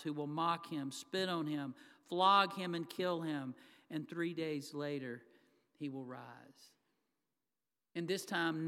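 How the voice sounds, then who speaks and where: A man's voice: fairly high pitch, fairly bright tone. A man preaching a sermon as pastor, talking conversationally to the congregation and acting out the quoted lines. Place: church sanctuary. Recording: long hall reverb.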